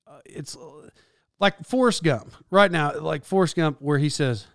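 A man's voice: fairly high pitch, normal speed, no echo, studio quality. Rambling, self-correcting man. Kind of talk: casual monologue.

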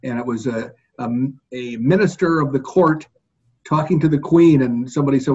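A man hosting a podcast in casual chat, folksy and rambling, joking along with filler pauses. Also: medium pitch, a little mellow, husky, muffled recording. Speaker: podcast host.

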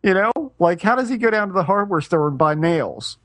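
Speaking briskly in a high-pitched, expressive, slightly bright voice, a middle-aged man co-hosting a podcast rambles through a casual story. He often breaks off to start his sentences over, with no echo on the recording.

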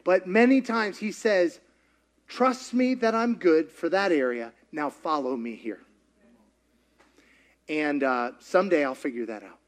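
A man preaching a sermon, telling a story in an animated, chatty way and laughing often. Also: fairly high pitch, measured pace, pauses often. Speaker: pastor.

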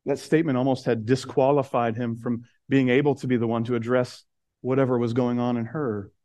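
A man preaching a sermon, earnest, slowing and dropping soft on key words, then rising as he builds. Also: flat delivery, no echo. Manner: earnest, rises in pitch and intensity as he builds. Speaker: pastor.

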